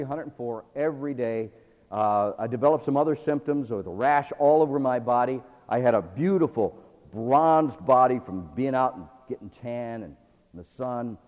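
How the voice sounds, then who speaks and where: A man giving a dramatic personal testimony sermon, swinging between loud pleading and hushed tones. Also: medium pitch. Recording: long hall reverb.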